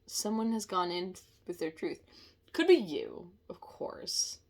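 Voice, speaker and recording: Lively, chatty woman reading tarot. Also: fairly low pitch, slow. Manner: chatty, laughs often, apologizes and corrects herself mid-sentence. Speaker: tarot reader.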